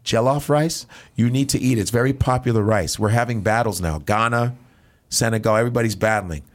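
A man's voice: mid-range voice, fairly quick. A man from Nigeria, a comedian guest, telling casual stories on a talk show, acting out other people's voices and swearing freely. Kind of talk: casual podcast storytelling.

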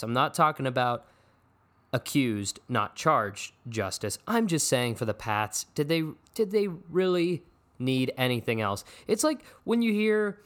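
A man's voice: mid-range voice, lively intonation, a little slow, fairly bright tone. A young man hosting a podcast, ranting about football in a profane, sarcastic, casual way. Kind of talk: casual sports rant.

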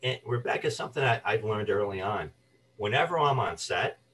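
A man with a low voice recounts his acting career as a guest. He tells stories with energy and briefly puts on the voices of the people he quotes. He sits a little back from the microphone. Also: brisk, distant mic, low-quality recording. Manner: animated anecdotes, acts out quoted voices. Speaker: guest, actor and voice artist. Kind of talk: storytelling interview chat.

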